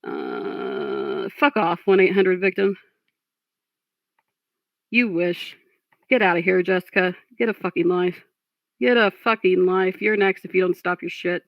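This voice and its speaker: A woman's voice: fairly low pitch, big pitch swings, a little slow, creaky, pauses often, no echo. A woman hosting a livestream, talking casually and reading chat, frustrated and blunt, swearing at trolls. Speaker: livestream host. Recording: dull lo-fi stream audio.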